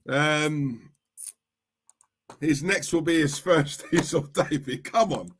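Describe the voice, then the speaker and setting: A man hosting a live stream, talking casually and teasing his viewers. His voice sits a little high. He keeps up a loose, chatty back-and-forth with the chat. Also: slow pace, long pauses, noisy background. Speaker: livestream host.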